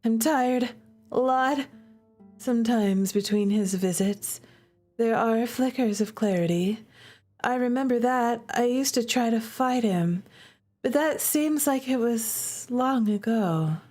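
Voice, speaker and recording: A woman's voice: a little high, slow pace, darkish tone, faint music behind. A woman reading as a dazed captive girl. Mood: dazed, wistful. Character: dazed, weary young woman held captive. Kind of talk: reading game dialogue aloud.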